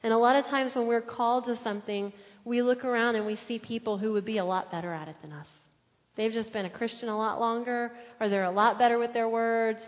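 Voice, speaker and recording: A woman's voice: a little high, a little fast. A woman pastor, preaching a sermon and acting out the quotes as she tells the story. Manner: animated storytelling with acted-out quotes. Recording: echoey hall, dull muffled sound.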